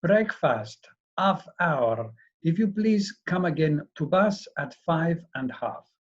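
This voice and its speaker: A man's voice: on the high side, lively intonation, slightly rough, muffled recording, voice pushed up, exaggerated voice. A man voicing an Italian coach driver who calls out announcements in broken English. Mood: announcing. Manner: shouted, halting broken English.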